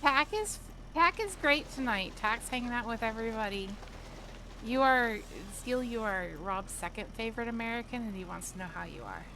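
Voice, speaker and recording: A woman's voice: a little high, animated, moderate pace, sharp tone, slight background noise, rough recording. A woman livestreamer chatting casually with viewers while gaming, telling stories and laughing often.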